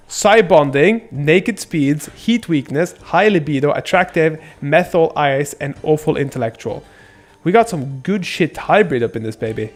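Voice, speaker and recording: Excitable swearing male game streamer. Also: fairly high pitch, moderate pace, faint music behind. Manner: excitable, swears often, talks to chat. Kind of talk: casual live-stream gameplay commentary.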